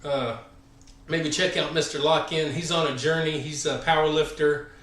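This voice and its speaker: This fitness channel host, a Southern American man in his forties, chats on a live stream between workout sets, sounding a bit winded. His voice sits on the high side with fairly even intonation and a moderate pace, and he rambles with plenty of fillers and friendly shout-outs. The room is echoey and he's far from the mic.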